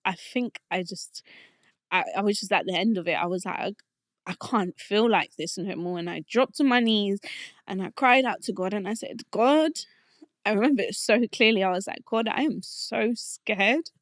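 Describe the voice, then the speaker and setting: A young adult woman telling a personal faith testimony in a heartfelt, halting way, often restarting her sentences, and getting emotional. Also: medium pitch, no room sound, studio quality. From Colombian family roots. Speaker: podcast guest.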